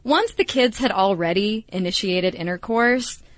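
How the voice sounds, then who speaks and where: A woman's voice: mid-range voice, lively intonation, unhurried, no room sound. Woman podcast co-host, dry close sound. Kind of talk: casual chat.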